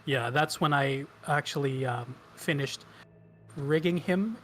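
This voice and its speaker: A man's voice: on the high side, takes it slowly, a little hiss or hum. A man from Canada, a guest game artist, chatting casually and hesitantly on a stream. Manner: relaxed, hesitant with lots of ums. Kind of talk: casual interview chat.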